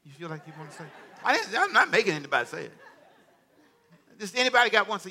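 A man, a pastor, preaching a lively sermon and calling out to his congregation for answers. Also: high-pitched, rapid-fire.

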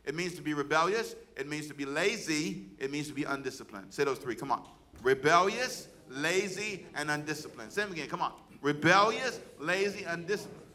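A man's voice: fairly high pitch, lively intonation, fairly quick. A man, a pastor, preaching a sermon and calling on the congregation to repeat words back to him. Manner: preaching with call-and-response to the congregation; loud, rising exhortation.

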